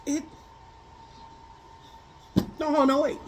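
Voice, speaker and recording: Woman, high voice, tarot reader, casual storyteller, quick to laugh, blunt and colloquial. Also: slight background noise, low-quality recording. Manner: animated, laughs often while telling stories. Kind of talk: casual spiritual chat.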